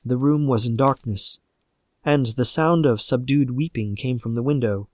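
A man narrating a classic horror story aloud with measured, steady storytelling. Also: medium pitch, no echo, clean studio sound.

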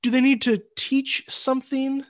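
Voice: high-pitched, flat delivery, moderate pace, no echo, clean studio sound. An interviewer asking brief questions and giving short acknowledgements.

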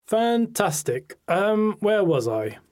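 A man voicing a stern, sardonic middle-aged male head of sixth form with a deep, booming Welsh accent, in an audiobook. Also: slow, darkish tone. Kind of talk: audiobook character voice.

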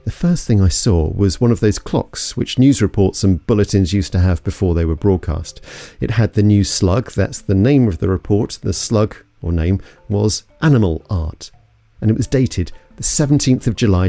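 A man's voice: on the low side, moderate pace, creaky, dark tone, no room sound, faint music behind. A man from London narrating an investigative story in a suspenseful, scripted way. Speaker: podcast narrator.

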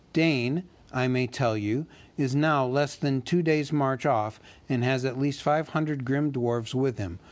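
A man voicing a fussy, polite male hobbit who talks in a businesslike way and squeaks when nervous. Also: lightly acted.

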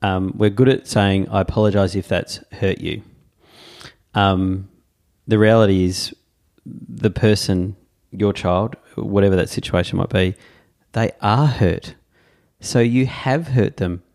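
A man with a very low voice talks through his thoughts in a casual podcast conversation. He pauses often and fills the gaps with soft "um"s as he works his ideas out. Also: steady tone. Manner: reflective, many "um" pauses. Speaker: podcast guest, father.

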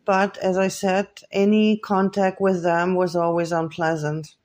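A podcast host talking alone into the mic in a solo monologue. The voice sits in an ordinary middle pitch. The delivery is earnest and accusing, broken up by hesitant fillers. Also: little pitch movement, measured pace, darkish tone.

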